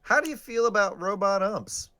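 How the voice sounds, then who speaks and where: A man's voice: high voice, lively intonation, moderate pace, sharp tone. A man co-hosting a casual live stream, joking and sarcastic as he talks through a game. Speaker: podcast co-host. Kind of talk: casual live-stream chat about baseball.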